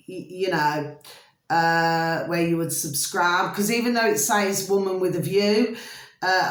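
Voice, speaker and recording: Rambling, fond woman in a roomy room. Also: on the low side. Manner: chatty, fond, calls viewers endearments, repeats herself. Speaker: channel host. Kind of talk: rambling casual monologue to viewers. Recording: roomy echo.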